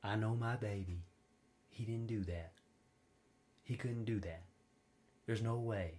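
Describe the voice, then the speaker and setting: A mother who will not believe her son did wrong, voiced by a man preacher in his own low, quiet tone. She holds firm against all the evidence. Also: measured pace, close to an everyday voice. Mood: insistent.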